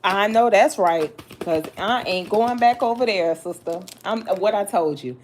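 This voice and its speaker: A woman's voice: mid-range voice, unhurried, a little mellow, slight background noise. Blunt, sassy woman reading tarot. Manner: blunt, sassy, talks straight to the listener with slang and cursing. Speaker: tarot reader.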